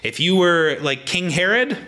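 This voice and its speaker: A man's voice: sits high, expressive, unhurried, sharp tone. A man preaching a conversational sermon in a plain, casual way, often restarting his sentences.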